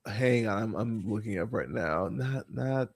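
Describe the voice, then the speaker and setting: A man hosting a podcast, ranting in casual chat about bad films, swearing, laughing and jumping up in pitch when exasperated. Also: measured pace, slightly rough. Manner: exasperated, profane, laughs often, animated pitch jumps. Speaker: podcast host. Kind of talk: casual ranting film review.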